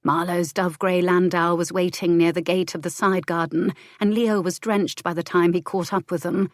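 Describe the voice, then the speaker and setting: A woman narrating a historical romance audiobook in a measured, expressive reading. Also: on the low side, no echo, studio quality.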